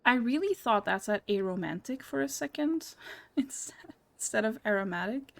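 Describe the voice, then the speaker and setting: A woman's voice: fairly high pitch, animated, normal speed, creaky, a bit bright. A young woman streamer giving casual, giggly, chatty commentary while playing a game. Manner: giggly, chatty, self-deprecating.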